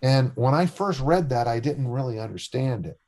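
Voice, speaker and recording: A man's voice: medium pitch, moderate pace. An older man, a strength and discus coach, telling joking stories as a guest on a podcast interview. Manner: animated, joking storyteller.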